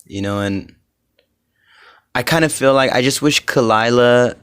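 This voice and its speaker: A young man hosts a solo podcast in a smooth, mid-range voice that runs a little slow. He rambles, swears, and leans on lots of fillers, getting more heated and louder as he goes.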